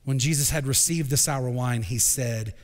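A man preaching a sermon as senior pastor, moving from quiet, hushed reflection up to shouted proclamation. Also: mid-range voice, normal speed, big-room sound. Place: church sanctuary.

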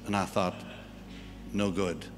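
Preaching at a live church service, a man acts out the voices of the people in a personal story he shares. He speaks slowly in a low voice with a flat delivery, amid the reverb and music of the church hall.

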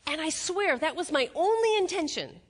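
Animated woman giving a motivational keynote. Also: very high voice, normal speed. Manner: animated storytelling, acts out quotes, laughs at own jokes. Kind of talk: live keynote speech with stories. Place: stage before a live audience.

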